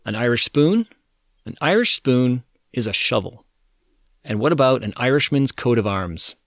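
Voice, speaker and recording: A man's voice: medium pitch, animated, normal speed, fairly bright tone, no echo, studio quality. A man hosting a history podcast, reading his script in a wry, conversational storytelling manner.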